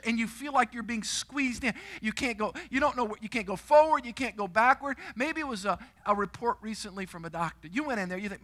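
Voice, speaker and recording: A middle-aged man preaching a sermon in a church, telling stories with animated energy and sudden shouts. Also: very high voice. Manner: storytelling, animated, shouts and screams for effect. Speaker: guest preacher. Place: church auditorium.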